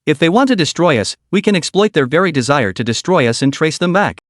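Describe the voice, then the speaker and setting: A man's voice: fairly high pitch, big pitch swings, fast, no echo, clean studio sound. A man voicing a sinister, smug hacker mastermind. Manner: smug, faintly mocking.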